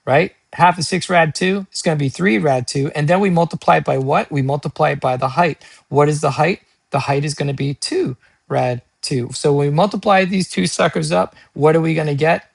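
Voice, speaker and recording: A man teaching an SAT math lesson, energetic and chatty, asking questions and answering them himself in casual slang. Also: a little high, creaky, dry recording. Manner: energetic, asks and answers his own questions.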